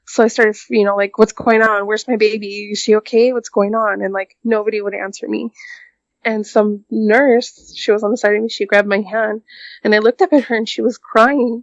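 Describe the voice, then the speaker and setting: A woman speaking as a podcast guest, recounting a personal story in a subdued, halting way and filling her pauses with "like" and "um". Her voice sits at an ordinary middle pitch. The recording is dry and a little muffled. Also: fairly even intonation, dry recording. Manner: halting, full of "like" and "um".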